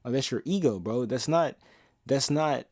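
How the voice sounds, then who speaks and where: A man's voice: mid-range voice, lively intonation, moderate pace, darkish tone, dry recording, studio quality. A young man talking casually and passionately as a podcast host, blunt and profane, sometimes half-singing lyrics. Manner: half-sings song lyrics he quotes. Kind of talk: casual monologue.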